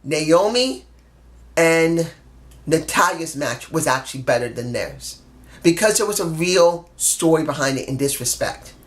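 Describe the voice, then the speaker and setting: Man, vlogger reviewing wrestling: blunt and profane, heated, hammers points home by repeating them. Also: on the high side. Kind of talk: opinionated solo review rant.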